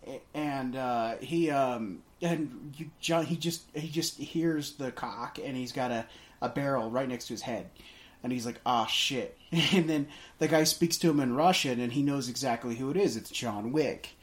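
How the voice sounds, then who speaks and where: A man's voice: mid-range voice, moderate pace. A man co-hosting a casual movie podcast, rambling through a scene with many restarts and fillers. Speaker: podcast co-host.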